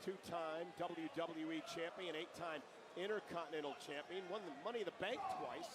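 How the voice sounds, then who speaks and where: A man calling wrestling play-by-play in brisk broadcast commentary. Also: fairly high pitch, steady tone, a bit bright. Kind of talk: live sports commentary. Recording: broadcast with arena crowd behind.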